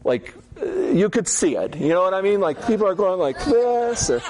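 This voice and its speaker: A man's voice: sits high, very animated, moderate pace, darkish tone. Casual, chatty man teaching a church group. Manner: conversational, storytelling with asides and "okay?" checks. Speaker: Bible teacher.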